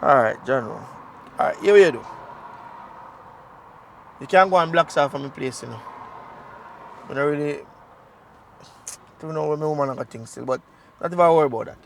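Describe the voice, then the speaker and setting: A man playing a blunt, gravelly Jamaican brother. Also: fairly high pitch, normal speed, pauses often, a little hiss or hum. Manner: blunt, frank, lecturing. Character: man taking his deported brother in, blunt and frank. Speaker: actor in a crime drama. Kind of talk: Jamaican Patois film dialogue.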